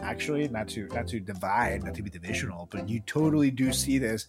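Laid-back rambling man with a lively voice. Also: on the low side, fairly quick, over music. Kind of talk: casual comedic chat.

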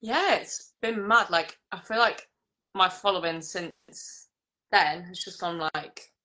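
A woman's voice: lowish voice, takes it slowly, sharp tone. A nineteen-year-old woman, a singer-songwriter guest, chatting casually and filling her talk with "like". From England. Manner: chatty, fills with "like", laughs often. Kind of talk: casual chat.

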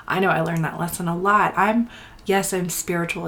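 A woman in her thirties hosting a spiritual healing podcast, talking softly and often dropping to a whisper, with blunt swearing mixed in. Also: mid-range voice, moderate pace, a little hiss or hum. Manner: soft, breathy delivery slipping into whispers, blunt swearing. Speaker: podcast host and healing coach. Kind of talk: intimate spiritual podcast talk.

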